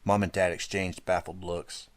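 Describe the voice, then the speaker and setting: A man narrating an audiobook in a steady first-person storytelling manner, close to the mic. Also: sits low, moderate pace, dry recording. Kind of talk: scripted narration.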